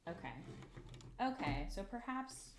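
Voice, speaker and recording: A woman streamer with a fairly high, very animated voice talks a little slowly as she builds a craft piece, with a bit of hiss or hum underneath. Anxious and foul-mouthed, she keeps addressing herself and the objects in front of her.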